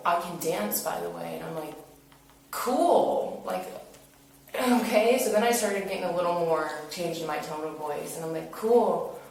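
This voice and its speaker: A woman's voice: low-pitched, gravelly. A young woman casually retelling events, chatty and full of fillers, acting out what others said. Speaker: interviewee recounting an incident. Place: interview room. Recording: echoey room, far from mic, hiss.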